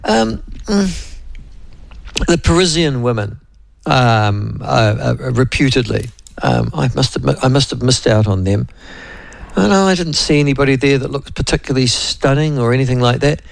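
A man's voice: medium pitch, expressive, normal speed, creaky, no room sound. A man with a New Zealand accent hosting a talk radio show, rambling and chatty, addressing his listeners and co-host by name. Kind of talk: casual radio chat.

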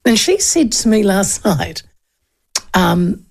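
A woman's voice: medium pitch, big pitch swings, slow pace, creaky. A woman host, giving chatty, digressive political commentary with frequent asides. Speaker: radio or podcast host.

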